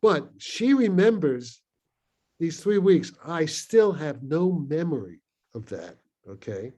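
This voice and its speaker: Mellow, rambling older man. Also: on the high side, big pitch swings, slow. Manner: rambling, digressive, many fillers and restarts, chuckling. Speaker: panel guest, physicist. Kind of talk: rambling anecdotal storytelling.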